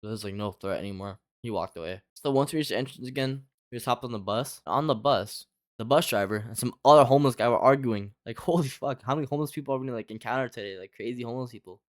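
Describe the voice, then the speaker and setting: Young male storyteller, talks fast and loose with constant fillers and cursing. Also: mid-range voice, dry recording, clean studio sound. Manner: rambling, heavy filler "like", lots of swearing. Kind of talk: casual storytime chat.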